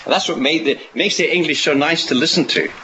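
A man's voice: a little high, fast talker, bright, forceful tone, slight background noise. A man preaching a sermon in a rambling way, often restarting and asking rhetorical questions. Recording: dull lo-fi recording.

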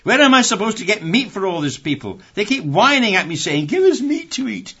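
A man voicing a weary old male prophet, pleading in high, rising exasperation as he reads scripture aloud. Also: big pitch swings, fairly quick, fairly bright tone, husky, full character voice. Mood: exasperated pleading. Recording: dull lo-fi recording.

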